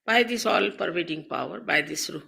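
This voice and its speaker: A woman spiritual teacher giving a slow, measured talk to an audience, speaking into a mic in a hall. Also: on the low side, expressive, vocal fry, bright, forceful tone.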